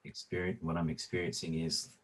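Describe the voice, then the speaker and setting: Deep, husky man speaking haltingly. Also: flat delivery. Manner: halting, searching for words. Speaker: workshop participant. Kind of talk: casual sharing in a group.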